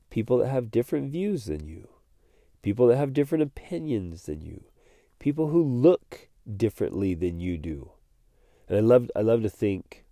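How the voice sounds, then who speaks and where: A man's voice: sits low, dark tone, no echo, clean studio sound. A man hosting a motivational podcast, speaking earnestly and animatedly, repeating words as he gets fired up. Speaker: podcast host.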